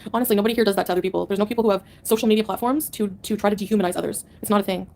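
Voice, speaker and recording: Fast-talking woman ranting sarcastically. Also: mid-range voice, steady tone, dark tone, a little hiss or hum. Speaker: livestreamer answering chat. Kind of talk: live-stream rant to chat.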